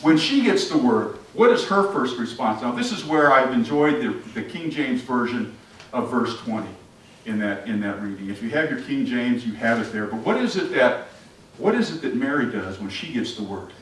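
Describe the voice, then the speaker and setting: A pastor preaches with animation in a church sanctuary, engaging the congregation with questions and dramatizing scenes. His mid-range voice moves at normal speed. Faint background noise and the echo of a distant mic color the recording.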